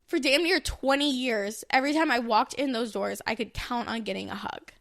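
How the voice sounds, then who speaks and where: A woman in her thirties shares her own story in a loose, candid podcast chat. Her voice sits a little high, and she rambles with plenty of fillers and restarts. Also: a little fast, creaky, hardly any pauses, a bit bright. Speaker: podcast co-host. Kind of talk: casual personal storytelling.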